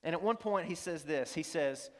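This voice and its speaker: A man's voice: a little high, expressive, moderate pace. A male pastor preaching a sermon in a school auditorium, earnest and emphatic, repeating lines and asking the audience questions. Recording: long hall reverb from the auditorium.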